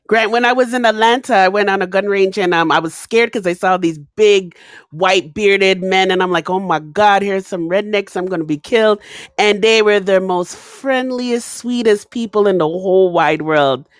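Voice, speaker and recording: A woman sharing a personal story in an animated, chatty way during a live discussion. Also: mid-range voice, normal speed, no room sound, clean studio sound. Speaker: audience speaker.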